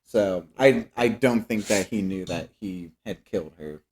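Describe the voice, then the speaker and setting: A man's voice: sits low, measured pace, a little mellow, a little hiss or hum. Young man in casual podcast chat. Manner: joking, trails into laughs, puts on quoted voices. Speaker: podcast co-host. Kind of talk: casual movie review chat.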